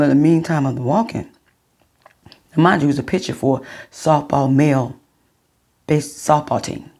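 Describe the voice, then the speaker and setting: A middle-aged woman vlogging, telling her viewers a personal story in a chatty, unhurried way. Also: very deep voice, a little mellow.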